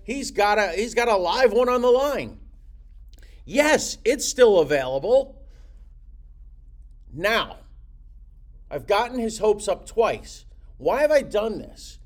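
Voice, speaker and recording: A middle-aged man coaches real estate agents on prospecting calls, his pitch rising and falling in lively swoops. His voice sits a little high for a man. He slips into little acted phone dialogues to make his points. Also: normal speed. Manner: animated, acts out phone calls with different voices. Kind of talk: teaching sales technique.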